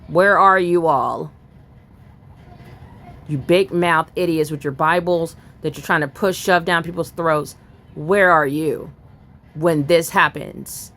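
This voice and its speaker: A woman's voice: deep voice, slow pace, pauses often, a bit bright. A woman angrily reading news aloud and ranting about it in a profane political vlog commentary. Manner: furious, profane, reads news aloud then rants.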